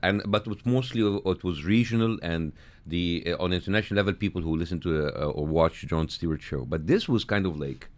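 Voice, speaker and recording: A man with an Egyptian accent, a comedian guest on a radio show, telling animated self-mocking stories with frequent restarts. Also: low voice, brisk. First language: Arabic. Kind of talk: radio studio interview. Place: radio studio.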